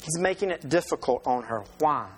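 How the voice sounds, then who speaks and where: A man's voice: a little high, expressive, brisk, slight background noise, rough recording. A man preaching a sermon as pastor in a conversational way, with rhetorical questions and restarts.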